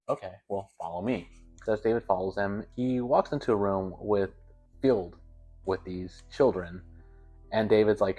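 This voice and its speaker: A man's voice: on the low side, a little mellow. A young man hosting a video, telling a story in a casual, rambling way with stammers and self-corrections. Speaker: video host.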